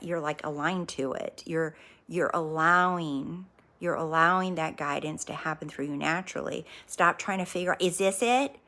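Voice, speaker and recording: A woman hosting a live stream on spiritual growth, speaking calmly and directly to her viewers, often repeating phrases. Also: deep voice, poor audio. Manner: calm, reassuring, repeats herself, addresses viewers directly. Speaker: livestream host.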